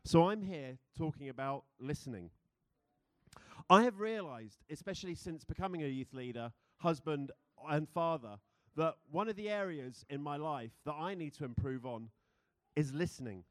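A young British man preaches a sermon with a chatty, playful manner, often breaking into laughter. His voice sits a little high. The sound is dry and close, with almost no room echo. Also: animated, normal speed, a bit bright. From Britain. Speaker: pastor. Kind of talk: sermon with a group game.

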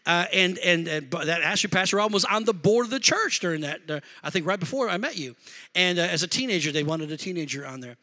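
A man preaches with a strikingly high and piercingly bright voice. He mixes call-and-response shouts with relaxed, conversational storytelling. The delivery is that of a pastor working a live congregation. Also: quick pace. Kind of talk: sermon.

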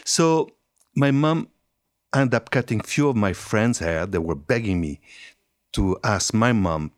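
Low-voiced older man with a French accent. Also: lively intonation, no room sound, clean studio sound. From France. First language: Italian and French. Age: 70s. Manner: chatty storyteller, halting restarts, laughs easily. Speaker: hairstylist guest. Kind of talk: conversational interview.

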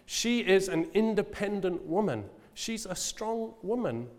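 A man's voice: high voice, sing-song, measured pace. A man in his forties, a pastor giving a sermon, telling a personal story in a humble, storytelling way with laughs and restarts. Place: church hall. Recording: long hall reverb.

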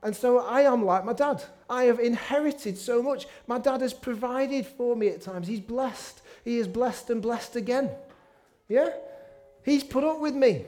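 Male preacher, middle-aged, high-pitched, chatty sermon style with self-mocking humour. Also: unhurried, darkish tone. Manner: conversational, with self-deprecating asides. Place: church meeting room.

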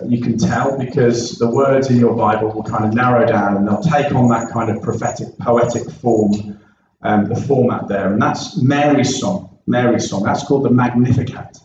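A man's voice: mid-range voice, background noise. A man, a pastor giving an earnest, conversational sermon in a church. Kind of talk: sermon with opening prayer. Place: church sanctuary. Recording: echoey church recorded from far off, dull sound.

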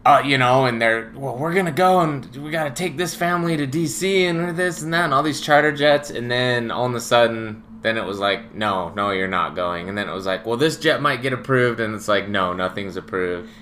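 A man's voice: medium pitch, fairly quick, few pauses, bright, forceful tone, a little hiss or hum. A man in a casual podcast chat, recalling events reflectively with quoted asides. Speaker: podcast co-host. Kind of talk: casual conversational storytelling.

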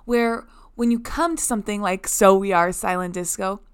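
A woman's voice: medium pitch, steady tone, moderate pace, clean tone. A young woman hosting her own podcast, talking casually in a bubbly, effusive way full of gratitude. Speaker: podcast host.

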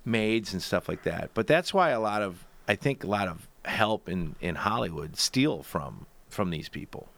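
A man in casual, profane conversation who laughs a lot and acts out stories in loud voices. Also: on the low side, animated, normal speed, vocal fry, few pauses. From grew up elsewhere than the show's city. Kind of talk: crude casual chat.

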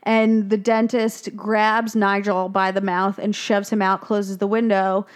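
A woman's voice: level tone, unhurried, clean tone. Chatty young woman recapping a film. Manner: chatty, swears freely, acts out characters' lines in higher voices. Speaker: podcast co-host recapping a film. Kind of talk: casual chat.

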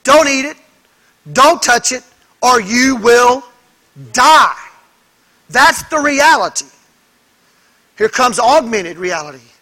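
A male pastor delivers an emphatic sermon in a very high, bright voice. He speaks slowly and deliberately and presses his points with rhetorical questions to the congregation. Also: expressive.

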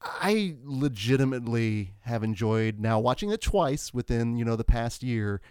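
Smooth dry-voiced male podcast host. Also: mid-range voice, animated, moderate pace, a little mellow, dry recording. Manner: upbeat, wraps up and passes to guests. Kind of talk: casual podcast chat.

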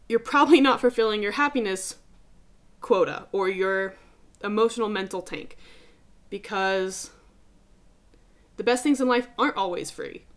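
Emphatic, casually swearing young woman host. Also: medium pitch. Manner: emphatic, swears casually, calls listeners dude. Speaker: podcast host. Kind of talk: casual motivational podcast talk.

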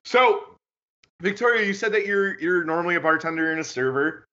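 A man hosting a podcast in a lively, animated voice that swings widely in pitch and sounds bright. He asks long, rambling questions full of fillers. The audio is lo-fi. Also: a little fast. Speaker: podcast host. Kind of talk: casual interview chat.

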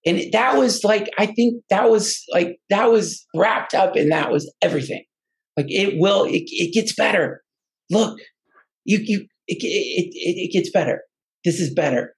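A man's voice: high voice, animated, a little slow, vocal fry, low-quality recording. A man, a podcast guest, telling an earnest personal story in casual, rambling talk full of restarts and fillers. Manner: emotional, earnest.

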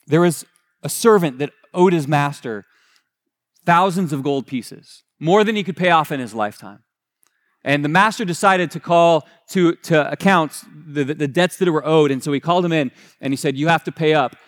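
Man, pastor, sermon, fairly high voice, casual conversational preaching, frequent restarts and self-corrections. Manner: retells scripture in casual paraphrase.

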